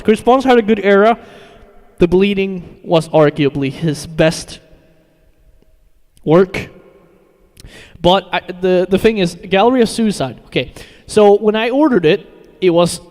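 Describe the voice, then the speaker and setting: High-voiced man rambling casually on stream. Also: in a large hall. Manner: rambling, profane, laughs often. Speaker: metal music streamer.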